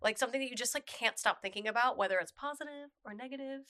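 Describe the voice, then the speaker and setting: A woman's voice: fairly high pitch, fast talker, sharp tone. A woman hosting a podcast in a bubbly, chatty way, full of casual fillers. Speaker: podcast host.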